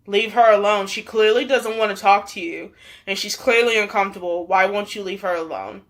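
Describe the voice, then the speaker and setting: A woman's voice: mid-range voice, fairly quick, close to an everyday voice. A woman voicing her young female friend who sternly tells a man to go away. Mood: firm.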